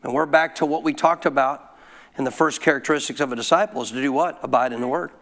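A man's voice: medium pitch, quick pace, fairly bright tone. A middle-aged male pastor, preaching a sermon in an emphatic call-and-response style.

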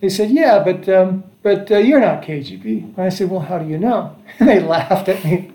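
A man's voice: a little high, moderate pace, few pauses, mellow, a little hiss or hum. A man in his sixties from the United States, casually telling a family about his travels, with a rambling manner full of fillers and restarts. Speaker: father recalling travels. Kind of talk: casual storytelling chat. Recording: echoey room.

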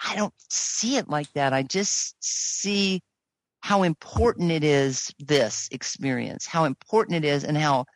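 A woman's voice: low-pitched, a little slow, no room sound, poor audio. Earnest woman guest on spiritual matters. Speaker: interview guest, researcher. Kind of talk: casual interview chat.

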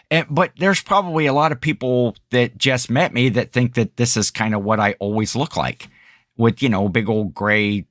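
A man's voice: medium pitch, fairly bright tone, no room sound. Chatty man podcaster, dry sound. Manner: chatty, laughs often, rambling restarts. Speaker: podcast co-host. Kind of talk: casual chat.

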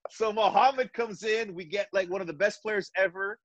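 Middle-aged guy, retired coach spinning lively stories, acts out the voices, dry close mic. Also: high voice, moderate pace, no echo, muffled recording. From Montreal, Canada. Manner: animated, acts out dialogue in his stories. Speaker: retired basketball coach, guest. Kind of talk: storytelling in a podcast interview.

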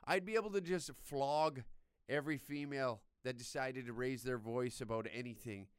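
Man, young adult, loud and crude, sarcastic rant, close and dry. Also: medium pitch, normal speed, smooth, no echo. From Canada. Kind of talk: profane comedic rant.

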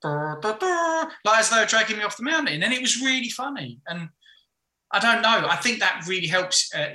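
Chatty guy, bright echoey voice. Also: high voice, very animated, moderate pace. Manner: frank, rambling storyteller with many restarts. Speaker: podcast guest. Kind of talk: casual chat.

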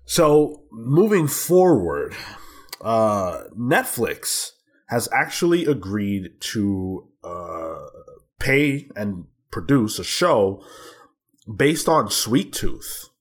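A man's voice: on the low side, very animated, extremely slow. A man hosting a casual podcast chat, easygoing and using fillers. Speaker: podcast host.

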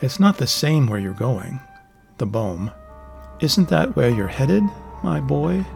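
A man's voice: medium pitch, expressive, slow pace, creaky, a little mellow, soft background music. A man reading an audiobook voices a sly old hermit who talks down to a younger man in a taunting, condescending way.

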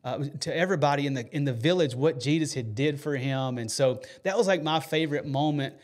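A faith podcast host from the United States talks a little fast in a higher-than-average voice. Telling his story with emotion and sincerity, he fills it with hesitations and restarts.

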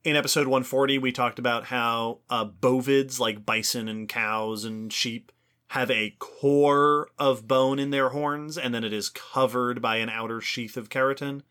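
A man co-hosting an educational podcast, explaining in an enthusiastic, lively way. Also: medium pitch, a little slow, smooth. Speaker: podcast co-host. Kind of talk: educational casual chat.

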